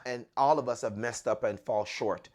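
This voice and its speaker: A man's voice: medium pitch, moderate pace. A man hosting a podcast, telling a personal story in an earnest, conversational way and often repeating words as he restarts. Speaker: podcast host.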